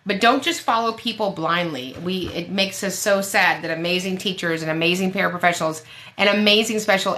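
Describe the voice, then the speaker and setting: A woman's voice: on the low side, a bit bright. A woman special education advocate giving blunt, emphatic advice with sassy asides on a live question-and-answer show.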